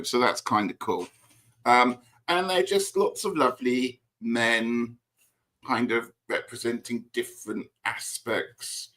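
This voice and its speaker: Playful man with a lively voice. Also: mid-range voice. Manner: playful, giggly, flicking through cards. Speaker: co-host. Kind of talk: casual livestream chat.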